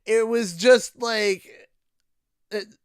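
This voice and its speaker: Ranting Canadian streamer man, unhurried. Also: high-pitched, fairly even intonation, smooth, no room sound, clean studio sound. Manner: ranting, sarcastic, with bursts of shouting and laughter. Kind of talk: gaming livestream commentary.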